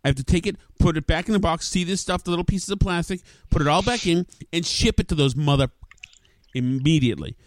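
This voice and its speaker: A man with a fairly high voice rants furiously into his podcast mic, swearing and sputtering in exasperation. The recording is dry and close, with no room echo. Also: expressive, fast. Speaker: podcast host. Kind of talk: ranting podcast monologue. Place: studio with recording gear.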